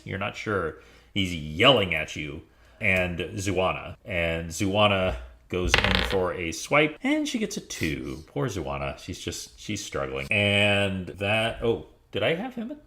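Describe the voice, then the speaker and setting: A man running a tabletop game as game master, narrating with animated, laughing chatter. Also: low voice.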